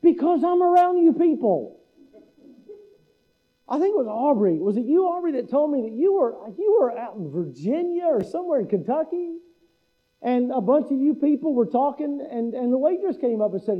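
A man's voice: very high-pitched, very animated, normal speed, muffled recording. A middle-aged man preaching a sermon to his congregation in a folksy way, imitating the local speech of his listeners. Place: church hall.

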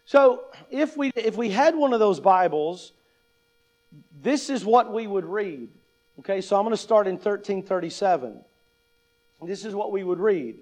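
A man's voice: high-pitched, lively intonation, normal speed, a little mellow, rough recording. A man preaching a sermon, talking to the congregation in a conversational way with many rhetorical questions and reading scripture aloud. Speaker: pastor.

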